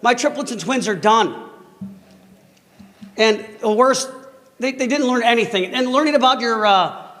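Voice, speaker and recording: A man, a parent, giving an angry and emotional public comment at a school board meeting, often halting for words. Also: extremely high pitch, expressive, fairly bright tone. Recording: hall reverb.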